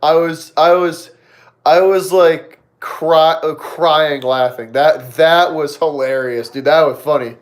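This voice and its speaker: A man's voice: a little high, steady tone, slow. A young man hosting a live Q&A stream, chatting casually with viewers, repeating himself often and laughing a lot. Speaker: livestream host.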